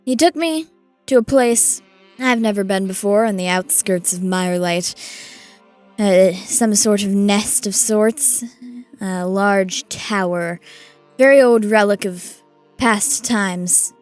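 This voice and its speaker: A woman's voice: medium pitch, slow, darkish tone, soft background music. A woman co-hosting a tabletop game podcast, recapping in first person with a hesitant, filler-heavy delivery. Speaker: co-host and player.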